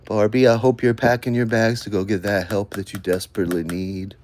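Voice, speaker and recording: A man vlogging casually, muttering to himself as he scrolls through comments, then breaking into loud rants. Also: fairly low pitch, flat delivery, fairly quick.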